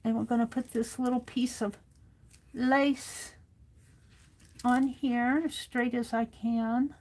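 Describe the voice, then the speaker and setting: Woman, craft livestream host, unhurried and a touch high, narrates each step to herself. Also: fairly even intonation, darkish tone. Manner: talks herself through each step, reads chat comments aloud. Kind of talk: casual crafting livestream chat.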